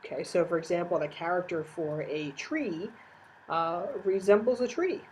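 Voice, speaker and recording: A woman's voice: fairly low pitch, normal speed, a little mellow, a little hiss or hum, low-quality recording. A woman giving a recorded course lecture, explaining step by step with frequent "uh" fillers.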